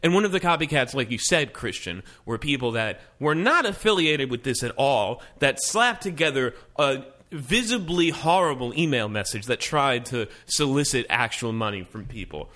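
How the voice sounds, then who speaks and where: A man co-hosting a casual tech podcast, talking fast and rambling with lots of restarts. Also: mid-range voice, animated, bright, forceful tone. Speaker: podcast co-host. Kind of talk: casual tech news chat.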